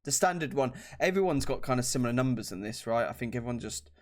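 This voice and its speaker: A man's voice: mid-range voice, animated, fast talker, a crowd in the background. A young British man co-hosting a casual gaming podcast, rambling and laughing often. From Britain. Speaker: podcast co-host.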